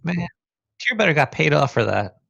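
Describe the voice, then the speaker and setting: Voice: medium pitch, very animated, normal speed, gravelly, fairly bright tone. A podcast co-host chatting casually and throwing in wisecracking asides. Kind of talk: casual chat. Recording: dull, dry lo-fi sound.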